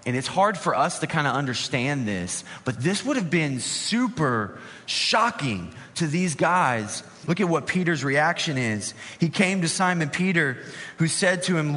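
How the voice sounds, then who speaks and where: A man preaching a sermon as a pastor, conversational, slowing with dramatic pauses on key words. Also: a little high, big pitch swings, pushed and bright. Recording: long reverb in a large hall.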